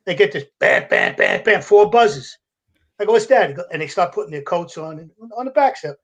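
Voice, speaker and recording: An older man, a retired fire captain telling gruff, animated stories as a podcast guest. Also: a little high, brisk. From United States. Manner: animated storyteller with a gruff, salty edge, acting out voices and laughing. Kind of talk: casual storytelling.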